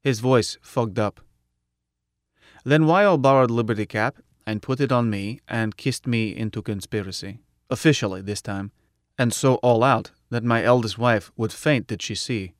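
A man's voice: medium pitch, moderate pace, dry recording. Man narrating a story, clipped and dry. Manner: blunt, clipped colloquial phrasing. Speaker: audiobook narrator. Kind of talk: first-person story narration.

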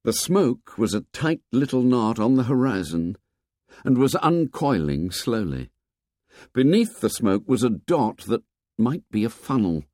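Expressive male audiobook narrator. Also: on the low side, no echo, studio quality. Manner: measured, expressive storytelling.

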